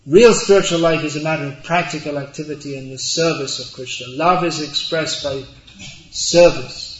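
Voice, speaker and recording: Spiritual teacher, man, slow deliberate delivery, roomy muffled hall recording. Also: on the high side. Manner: slow, deliberate, gently humorous. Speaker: spiritual teacher answering questions. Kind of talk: religious talk with audience Q&A.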